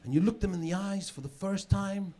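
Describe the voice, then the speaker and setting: A middle-aged South African man with a high, brisk, dark-toned voice does a chatty stand-up set on a comedy club stage. He often repeats words as he builds a joke, and the live recording catches the audience laughing.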